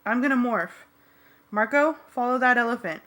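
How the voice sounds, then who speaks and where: A woman voicing Jake, a bossy teenage boy, shouting and exasperated in a fan-read audiobook. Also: a little high, moderate pace, natural voice. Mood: grim.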